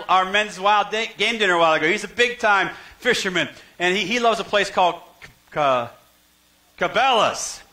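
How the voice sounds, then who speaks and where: A man's voice: extremely high pitch, sharp tone. A man preaching a sermon to his church in a conversational way, asking the congregation to fill in words, with self-deprecating humor and frequent stammered restarts. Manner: conversational, call-and-response questions to the congregation. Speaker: pastor. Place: church sanctuary.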